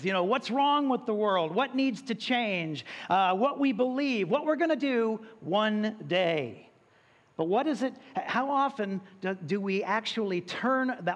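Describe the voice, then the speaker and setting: Pastor, male, higher voice, casual preaching style, ringing church hall. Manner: prays then tells a joke, conversational preaching. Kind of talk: sermon. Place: church sanctuary. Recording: long hall reverb.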